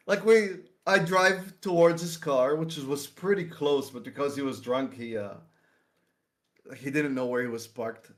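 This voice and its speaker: A man's voice: mid-range voice, fairly bright tone. A young man telling a story casually on a livestream, full of slang, swearing and laughter. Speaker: streamer.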